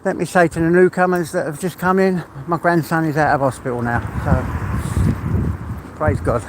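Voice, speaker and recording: An older man talks casually to his live-stream viewers, rambling and heartfelt and laughing often. His voice sits a little high for a man. A steady noise runs under the recording. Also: normal speed. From England.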